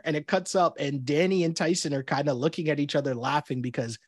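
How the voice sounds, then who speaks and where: Husky-voiced man chatting animatedly. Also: on the high side, fast, hardly any pauses, dry recording, clean studio sound. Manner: animated, laughs often, acts out quotes in mock voices. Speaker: podcast co-host. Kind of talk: casual chat recapping a reality show.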